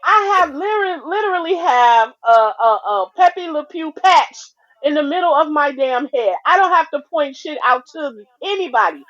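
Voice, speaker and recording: A woman in her forties co-hosting a podcast, a blunt, profane and animated storyteller in casual chat. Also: high voice, normal speed, few pauses, dull audio. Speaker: podcast co-host.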